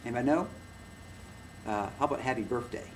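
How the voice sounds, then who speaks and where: A man's voice: mid-range voice, fast talker. A male music teacher talks through a lesson casually, stumbling over restarts and fillers. He stands well away from the microphone. Heavy background noise runs under his voice. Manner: rambling, full of fillers and restarts, claps and plays piano to demonstrate. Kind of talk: casual recorded lecture. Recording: noisy room, mic far from the speaker.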